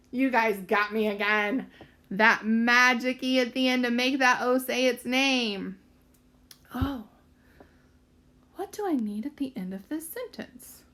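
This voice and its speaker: A woman's voice: high voice, pushed and bright. A woman teaching a recorded lesson to young children, thinking aloud and spelling words out letter by letter in a sing-song teacher voice.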